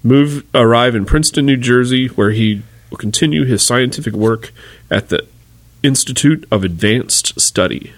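A man's voice: medium pitch, normal speed, no echo. A man co-hosting a casual chat, reading trivia from his notes and cracking jokes. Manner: jokey, reads notes aloud, laughs at his own jokes. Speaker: co-host.

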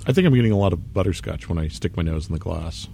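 A man's voice: low-pitched, animated, quick pace, gravelly, dark tone, slight background noise. A man at a casual beer tasting chat, dropping dry, wry one-liners.

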